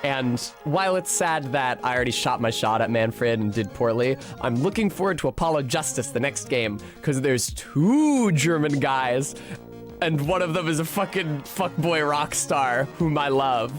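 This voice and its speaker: A streamer casually talking over a video game, in an animated, chatty and profane way. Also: male voice, mid-range voice, normal speed, music in the background.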